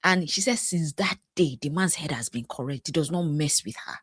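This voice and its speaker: A woman's voice: sits low, moderate pace, few pauses, husky, no echo. Nigerian lady life coach doing reaction commentary, laughy and chatty, voice jumps all over, dry close sound. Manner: animated and chatty, laughs often while she talks.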